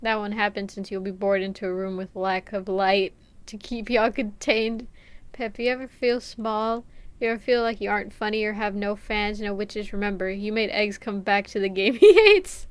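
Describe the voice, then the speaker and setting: A woman's voice: mid-range voice, moderate pace, dry recording. A young adult woman streaming a game, chatting casually, reading chat aloud and laughing often. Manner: giggly, playful, reads chat aloud.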